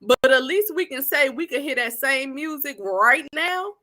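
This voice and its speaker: A woman, giving animated, sassy commentary straight to her viewers. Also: sits high, normal speed. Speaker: online commentator.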